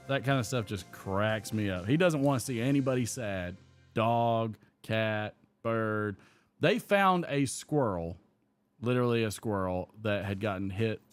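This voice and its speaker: A man hosting a casual live pipe-smoking chat, telling stories and acting out quotes in a higher voice. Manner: animated storyteller, acts out quotes in a higher voice. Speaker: podcast host.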